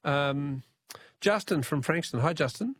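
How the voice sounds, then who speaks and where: A man's voice: a little high, animated, unhurried, fairly bright tone, breathy edge. A man with an Australian accent hosting a casual talkback radio quiz, chuckling as he reads out listener messages.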